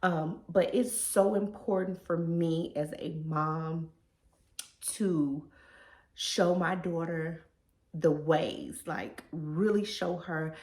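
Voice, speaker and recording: A woman in a heartfelt, casual vlog. Her voice sits a little low, and she sounds emotional and sincere. The recording has a noticeable room echo. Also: steady tone, takes it slowly, darkish tone. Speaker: vlogger. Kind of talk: reflective personal vlog.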